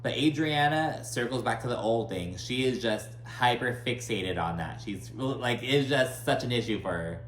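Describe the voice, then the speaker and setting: A recap commentator with a mid-range, expressive, slightly bright voice runs through a reality show at normal speed with hardly any pauses. He's gossipy and sarcastic, swears a lot, and leans heavily on "like." The room is echoey with a faint hum.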